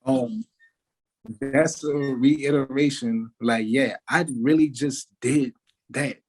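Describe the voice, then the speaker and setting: A man, a musician giving an interview, talking in a relaxed way with many fillers like "like" and "you know". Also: mid-range voice, slow, poor audio. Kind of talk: casual interview talk.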